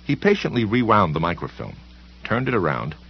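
Deep husky-voiced male narrator. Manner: measured, expressive reading with voiced characters. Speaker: audiobook narrator. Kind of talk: scripted narration. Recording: dull lo-fi recording.

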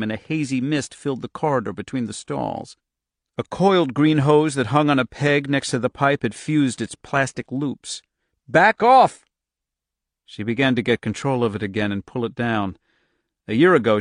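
A male audiobook narrator with a medium-pitched, middle-register voice maintains steady, tense pacing. His recording is close and dry, free of any room sound.

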